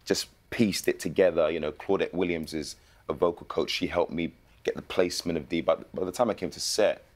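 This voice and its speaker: A man, an actor guest telling lively stories in a casual interview. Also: deep voice, a little fast. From England. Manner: animated storytelling with slang.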